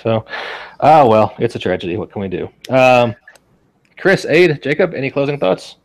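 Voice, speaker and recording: A man's voice: mid-range voice, very animated, normal speed. A man in his forties hosting a podcast in casual chat, rambling with lots of fillers and easy laughs. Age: 40s. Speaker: podcast host.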